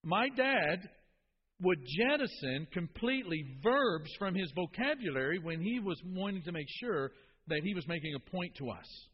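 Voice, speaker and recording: A man's voice: high voice, lively intonation, normal speed, breathy edge. A man preaching a sermon as a pastor, talking to the congregation in an emphatic, conversational way. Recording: dull reverberant hall recording.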